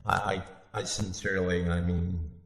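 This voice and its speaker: A man chatting as a podcast guest, hesitant and halting, repeating his words. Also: low-pitched, flat delivery. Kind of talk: casual chat. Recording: echoey line with noise and clicks.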